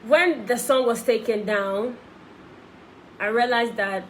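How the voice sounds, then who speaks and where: A woman's voice: on the high side, slow pace, a little hiss or hum, low-quality recording. Chatty young Ghanaian woman on a live stream. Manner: switches between English and Twi, chatty and effusive. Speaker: singer on a live video. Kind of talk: casual live-stream chat.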